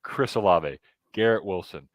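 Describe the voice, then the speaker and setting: A man co-hosting a sports podcast, talking casually and getting animated with quick asides. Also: low voice, no echo. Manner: animated, excitable, jumps in with asides. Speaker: podcast co-host.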